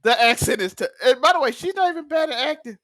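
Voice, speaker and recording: A man hosting a TV review podcast, recapping an episode in excited casual chat, laughing often and acting out characters' lines. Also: very high-pitched, fast, dry recording, clean studio sound.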